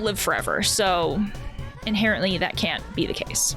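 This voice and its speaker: A woman who works as a counselor, giving casual commentary while playing a game, with quick exclamations and thoughtful asides. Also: medium pitch, big pitch swings. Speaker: counselor playing video games. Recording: game music under voice. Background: game music.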